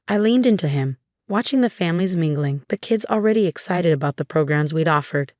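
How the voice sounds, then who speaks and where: A woman reading a first-person revenge story in an even, measured narration. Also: lowish voice, no room sound, clean studio sound.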